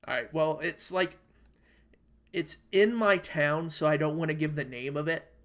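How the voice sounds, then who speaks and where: A man's voice: on the high side, measured pace, a bit bright. A young American man in casual podcast chat over an online call, rambling and swearing as he rants about bad food. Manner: rambling, profane, worked-up storytelling. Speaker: podcast co-host. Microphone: online call microphone.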